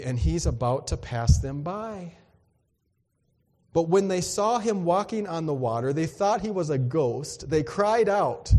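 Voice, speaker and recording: A man preaching a sermon in a lively, conversational way, acting out voices and exclamations as he tells the story. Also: on the high side, in a large hall. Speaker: pastor.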